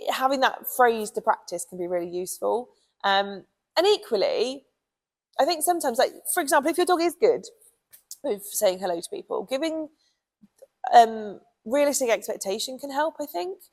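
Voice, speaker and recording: A British woman with a gravelly, fry-edged voice chatting casually as a dog trainer. She talks in a loose, friendly way, filling gaps with ums and you knows. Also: on the high side, lively intonation, normal speed, pauses often, poor audio. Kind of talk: casual advice talk.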